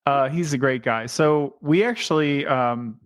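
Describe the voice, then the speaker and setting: A man's voice: medium pitch, a little slow, slight background noise. A man co-hosting a podcast in casual chat, chatty and enthusiastic, joking as he goes. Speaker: podcast co-host.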